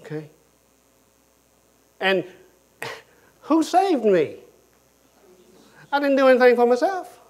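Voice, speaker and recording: A man preaching a sermon, telling stories in an animated way and often repeating himself, moving between loud, emphatic phrases and quiet ones. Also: very high-pitched, slow pace, pauses often.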